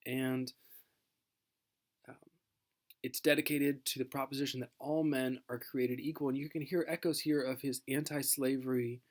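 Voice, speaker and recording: Male teacher, casual recorded lecture, middle-pitched voice, chatty and full of restarts. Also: flat delivery. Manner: conversational with many fillers and restarts; reads a famous speech aloud in a measured voice.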